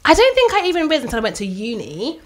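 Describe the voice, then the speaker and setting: Animated high-voiced woman. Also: very fast. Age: 20s. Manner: animated storyteller, acts out her mum, laughs often. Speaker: podcast co-host. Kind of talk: casual chat.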